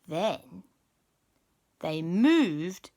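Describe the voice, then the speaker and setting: Animated woman telling a kids' story. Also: fairly low pitch, drawn-out words. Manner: animated, drops to spooky whispers. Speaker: storyteller and show host. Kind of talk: children's storytelling.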